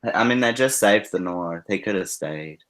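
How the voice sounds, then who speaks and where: A man's voice: fairly low pitch, animated, normal speed, fairly bright tone. A man hosting a casual group chat, joking and laughing often as he talks. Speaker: podcast host.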